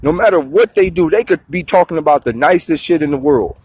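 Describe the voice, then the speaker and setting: A man telling a story in a profane, slangy, animated way on a talk show. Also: a little high, brisk, husky.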